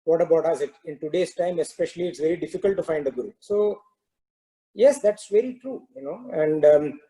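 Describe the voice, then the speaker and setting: A man with a fairly high voice and a dark, mellow tone tells a spiritual parable. He speaks in a measured, reflective manner, often pausing with "you know". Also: low-quality recording. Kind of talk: spiritual storytelling talk.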